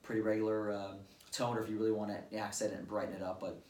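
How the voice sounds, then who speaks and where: Brief: male drum teacher, lower voice, patient step-by-step talk, miked from across a roomy studio. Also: little pitch movement, racing, loud music behind the voice. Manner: patient, step-by-step explaining with casual fillers. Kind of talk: instructional drum lesson. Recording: roomy, distant-mic recording with drums. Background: drum kit played at times.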